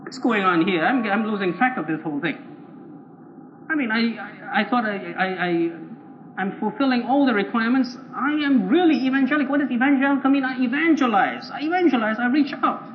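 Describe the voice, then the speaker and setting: A man preacher voicing a smug, self-righteous churchgoer who boasts of his zeal. He speaks in a high, bragging voice on a dull, lo-fi recording with faint noise. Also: animated, moderate pace. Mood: indignant. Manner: boastful, then flustered and stammering.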